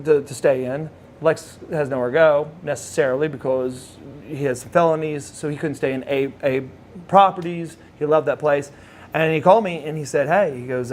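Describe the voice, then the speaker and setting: A man telling a personal story in casual speech, with halting restarts and lively acted-out quotes. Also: slight background noise. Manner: animated, acts out quoted voices with big pitch jumps; halting restarts and repeated words. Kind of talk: casual spoken anecdote.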